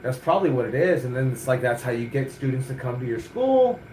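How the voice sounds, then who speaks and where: A man's voice: medium pitch, big pitch swings, quick pace, a little mellow, echoey room, a little hiss or hum. A middle-aged man, a wrestling coach hosting a chat show, talking bluntly and profanely with lots of energy. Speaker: wrestling coach and podcast host. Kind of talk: casual chat.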